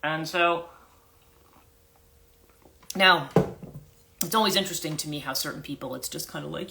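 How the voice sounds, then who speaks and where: A woman's voice: low voice, animated, moderate pace, vocal fry, long pauses, pushed and bright, a little hiss or hum. A woman who works as a life coach, retelling a story in a rambling, casual livestream chat with many restarts and self-corrections.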